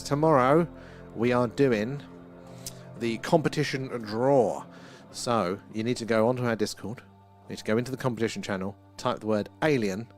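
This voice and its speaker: A British man hosting a live sky-watching stream, chatting casually, answering viewer comments and laughing often. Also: medium pitch. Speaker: livestream host.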